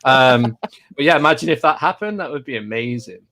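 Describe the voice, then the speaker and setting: A man talking in a casual group chat, enthusiastic and animated, often repeating himself for emphasis. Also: medium pitch, brisk. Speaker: podcast panelist.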